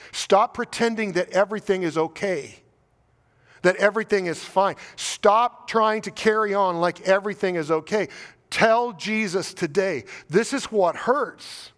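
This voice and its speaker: In a church sanctuary with a big-room sound, an American man preaches as pastor in a high, slightly bright voice at a moderate pace. His sermon is earnest and pleading, stacked with rhetorical questions and repetition.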